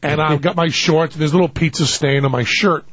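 A man telling a comic story in casual chat, animated and self-mocking, often laughing. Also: a little high, brisk, husky, no echo. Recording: dull, dry, slightly muffled sound.

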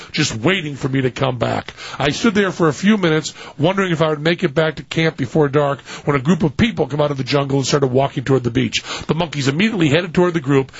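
A man's voice: on the high side, vocal fry, breathy edge, dry recording. A man hosting a radio talk show, rambling and joking with many fillers as he reads a story aloud. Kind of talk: casual radio banter and reading aloud. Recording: dull lo-fi radio audio.

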